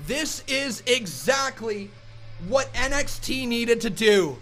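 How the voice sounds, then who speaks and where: Excitable man, very high-pitched, shouting wildly on a live reaction stream, music faint behind. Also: slow. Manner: excitable, shouting, frantic exclamations. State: shaking with excitement.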